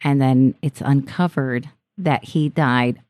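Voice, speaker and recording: A woman podcast host retelling a haunting story in a casual, animated way, laughing often. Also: rumbling low, slow pace, no room sound.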